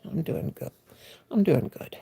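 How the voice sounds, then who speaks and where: A woman in her 60s chats casually with viewers on a crochet livestream, greeting them by name in a homey, folksy way. Her voice is mellow and unhurried, recorded on a phone.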